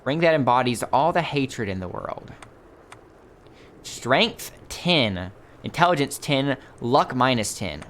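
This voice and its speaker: A gaming channel host does let's play commentary, musing aloud with wry jokes as he plays. His medium-pitched voice is slow and a bit bright, with big pitch swings and slight background noise.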